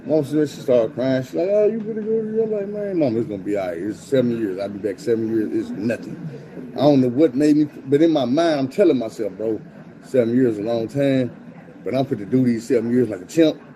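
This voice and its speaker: A man tells a story in casual, profane street slang, acting out quotes with animated swings in his voice. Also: mid-range voice, fairly quick, rough recording.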